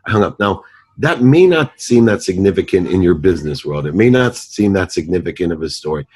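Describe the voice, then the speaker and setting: A man with a very low, deep voice speaks as a podcast guest. He tells a life lesson in an earnest, emphatic, almost preacher-like way. He sounds like a driven executive in his forties. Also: expressive, brisk, a little mellow, slightly rough. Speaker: guest, company CEO. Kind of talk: motivational storytelling in a podcast interview.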